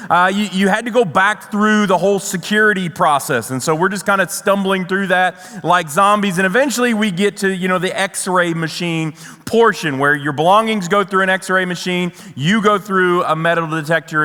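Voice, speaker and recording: A man preaching, with a high, lively-toned voice. He tells the story in a wry, conversational way, stumbling and restarting as he goes. The sound rings with the long reverb of a large church hall. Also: smooth. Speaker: pastor. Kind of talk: sermon storytelling.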